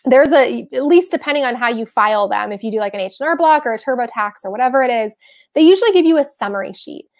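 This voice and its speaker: A woman talks through tax tips on a live stream in a frank, chatty way. Her voice sits a little high, and she talks with lively energy. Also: fast. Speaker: host giving tax tips. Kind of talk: live-stream advice talk.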